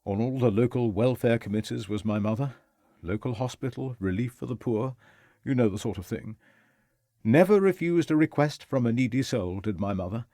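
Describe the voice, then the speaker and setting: A tipsy young toff slurs and rambles cheerfully in a lively, bouncing voice, as a male narrator puts him on. He talks a little higher and louder than the narrator's own voice, in a dry, close audiobook recording. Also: normal speed, no echo, close to an everyday voice. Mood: mocking. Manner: slurring, chatty, self-pitying. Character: tipsy, rambling young upper-class man.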